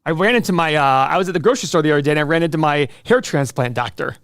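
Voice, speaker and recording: Middle-aged male host, slightly high voice, dry close sound, joking and self-mocking. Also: fairly bright tone, dry recording. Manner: joking, self-deprecating, quick asides. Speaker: show host answering viewer questions. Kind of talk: casual livestream chat.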